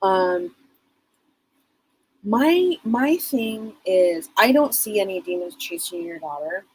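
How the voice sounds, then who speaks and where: A woman's voice: medium pitch, expressive, slow, slightly rough, low-quality recording. A middle-aged woman hosting a live psychic reading broadcast, rambling casually with many fillers. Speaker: psychic show host.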